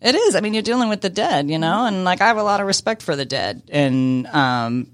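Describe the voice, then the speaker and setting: A woman's voice: lowish voice, big pitch swings, brisk, no echo. A woman, a business owner and actor, chatting as a guest in a radio studio, rambling and laughing with the odd swear word. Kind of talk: casual radio interview chat.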